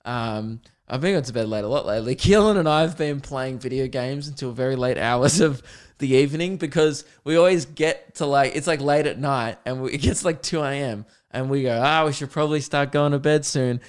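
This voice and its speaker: Smooth-voiced Australian man rambling and laughing. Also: mid-range voice, a little fast. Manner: rambling, laughs often, swears freely. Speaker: podcast host. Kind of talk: casual solo podcast monologue.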